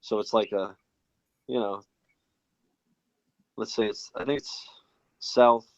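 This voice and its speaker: A man's voice: fairly low pitch, fairly even intonation, slow, dry recording, highs cut off. A man who grew up in a British household in Florida, chatting casually and teasingly as a show co-host, with a mostly American accent. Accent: American, with a put-on British voice at times. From England. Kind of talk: casual chat.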